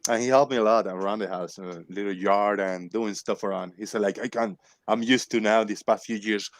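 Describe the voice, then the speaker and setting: A man's voice: fairly low pitch, a little fast, no room sound. A man hosting a livestream, chatting casually about family in a loose, rambling way with frequent laughs. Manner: animated, laughs often, loose rambling talk. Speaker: livestream host. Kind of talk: casual chat.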